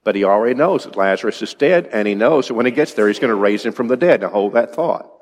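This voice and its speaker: A man's voice: lowish voice, expressive, quick pace. Male preacher, conversational sermon, questions to the congregation, church sanctuary, long reverb. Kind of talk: evening sermon. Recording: long reverb in a large hall.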